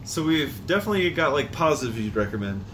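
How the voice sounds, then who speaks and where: A man's voice: medium pitch, big pitch swings, fast talker, a bit bright, slight background noise. A man co-hosting a podcast, joking around and laughing a lot. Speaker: podcast co-host. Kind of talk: casual podcast chat.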